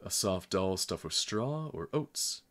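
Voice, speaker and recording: A man's voice: deep voice, expressive, slow pace, fairly bright tone, heavily acted. A man voicing a bored little girl who whines and howls. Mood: sulky. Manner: whiny, howling.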